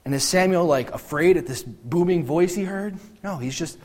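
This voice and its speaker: A man preaching a sermon, reading scripture and acting out the voices in the story with animated energy. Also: on the high side, moderate pace, in a large hall. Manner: animated, acts out biblical voices. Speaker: pastor.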